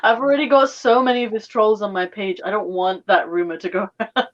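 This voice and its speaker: A woman's voice: medium pitch, steady tone, a little fast. Chatty london woman on a stream, lo-fi call sound. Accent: London English. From England. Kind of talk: casual chat on a live stream.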